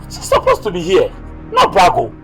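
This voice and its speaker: A man's voice: sits high, wildly swooping pitch, normal speed, music in the background. A man playing a bewildered, agitated young man. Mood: confused. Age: young adult. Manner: confused, agitated. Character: bewildered young man who has lost his memory. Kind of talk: youth drama acting.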